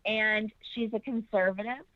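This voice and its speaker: A woman's voice: medium pitch, fairly even intonation, moderate pace, dry recording. A woman guest in a casual interview, animatedly telling a personal story and acting out the people in it. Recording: dry muffled lo-fi sound.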